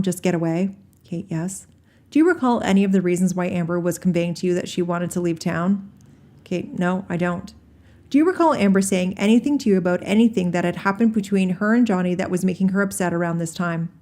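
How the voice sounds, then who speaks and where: A woman reading a deposition transcript aloud, naming each speaker before their lines in a plain, measured way. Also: mid-range voice, a little mellow. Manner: announces speaker names before each quoted answer. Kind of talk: solo reading of transcript, all parts.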